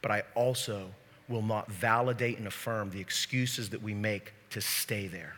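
A man pastor preaching a sermon to his church, moving from quiet teaching to shouted preaching. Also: on the low side, fairly even intonation, moderate pace. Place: church sanctuary. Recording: long reverb of a large hall.

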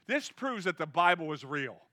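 A man preaching an energetic, conversational sermon and urging his listeners on. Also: a little high, normal speed, dry recording. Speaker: pastor.

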